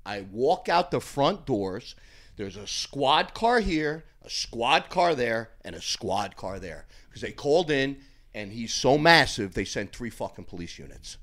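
A middle-aged man, a podcast guest, telling stories in a casual, animated way, with plenty of swearing and laughter. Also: medium pitch, a little slow. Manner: animated, profane, laughing storyteller. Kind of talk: casual storytelling.

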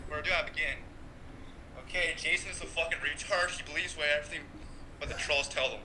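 A man's voice: on the high side, steady tone, brisk, bright, forceful tone, slight background noise. A teenage man from Texas calling in over a phone line, crude and mocking, out of breath. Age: teens. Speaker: caller.

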